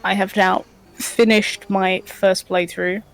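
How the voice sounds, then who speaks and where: A woman chatting on a game livestream and reading out viewer comments. She talks slowly, with plenty of ums and giggles, at a middling pitch. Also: flat delivery, slight background noise. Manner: slow, hesitant, many ums, giggly. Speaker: livestream co-host.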